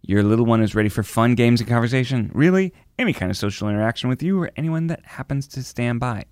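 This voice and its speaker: A man's voice: mid-range voice, fast talker, darkish tone, clean tone, dry recording, studio quality. A man in his thirties co-hosting a parenting podcast, chatting casually and reading baby milestones aloud in a playful way. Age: 30s. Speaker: podcast co-host. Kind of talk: casual chat.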